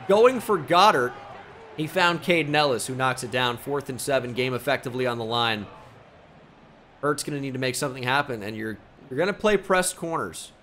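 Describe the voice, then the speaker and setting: A man's voice: mid-range voice, normal speed, a bit bright, slight background noise. A young man commentating his own video game as a gaming YouTuber, switching between mock play-by-play and frustrated outbursts.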